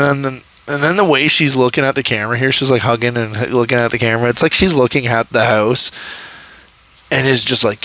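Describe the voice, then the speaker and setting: A man's voice: medium pitch, a little fast, bright, forceful tone, slight background noise, low-quality recording. Rambling young man reviewing a show. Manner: rambling, many fillers and restarts, laughs often. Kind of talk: casual commentary.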